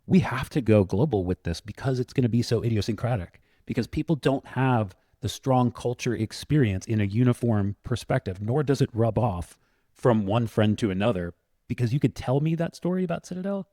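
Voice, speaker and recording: A man's voice: medium pitch, lively intonation, fairly quick, warm tone, no room sound, clean studio sound. A man co-hosting a podcast, talking through his ideas in a thoughtful, step-by-step way. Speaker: podcast co-host. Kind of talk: conversational podcast talk.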